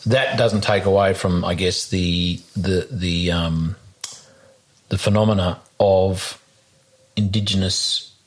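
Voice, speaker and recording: A man's voice: deep voice, steady tone, slow. A man hosting an interview, enthusiastic and often stumbling over his words. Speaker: podcast host. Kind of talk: casual interview conversation.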